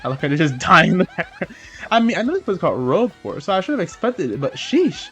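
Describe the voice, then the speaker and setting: A man's voice: sits high, wildly swooping pitch, quick pace, fairly bright tone, soft background music, heavily acted. A man voicing a bubbly young female goomba student with chirpy, gushing chatter. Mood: grossed-out.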